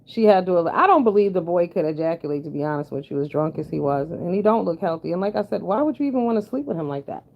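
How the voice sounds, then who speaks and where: A woman's voice: lowish voice, lively intonation, fast, vocal fry, few pauses. A woman giving blunt, sassy, profane commentary in casual chat with her viewers. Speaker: commentary vlogger. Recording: dull lo-fi sound.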